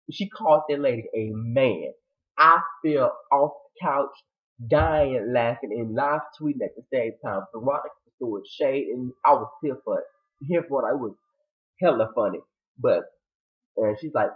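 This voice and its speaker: Animated man recapping a show, tinny sound. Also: mid-range voice, normal speed. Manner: animated, dramatic retelling with quoted reactions. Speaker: TV show reviewer. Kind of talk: casual recap review. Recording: tinny phone-like audio.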